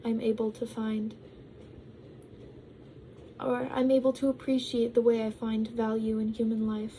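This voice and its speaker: A young woman chats loosely to her vlog viewers, wandering from thought to thought with plenty of ums and likes. Her voice sits a bit high but has a soft, mellow tone. At times she talks through a mouthful of food. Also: flat delivery, measured pace, slight background noise, low-quality recording. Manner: rambling, full of ums and likes; talks while eating. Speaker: vlogger. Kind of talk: casual vlog chat.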